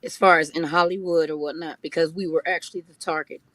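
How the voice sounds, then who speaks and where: A woman guest on a livestream, adding remarks in a quiet, matter-of-fact way. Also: sits low, steady tone, fast talker. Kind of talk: livestream discussion.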